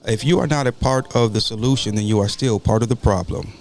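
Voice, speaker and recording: A man's voice: lowish voice, brisk, music in the background. Male pastor-host, folksy, sermonizing, stumbles over repeats. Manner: folksy, preachy, repeats words. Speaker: talk show host and pastor. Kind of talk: casual call-in show hosting.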